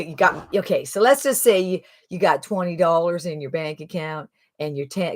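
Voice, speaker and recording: A woman voicing a hard-up Southern everyman who talks slowly and haltingly, repeating himself. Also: fairly low pitch, darkish tone, natural voice. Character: slow-talking Southern man, hard-up everyman.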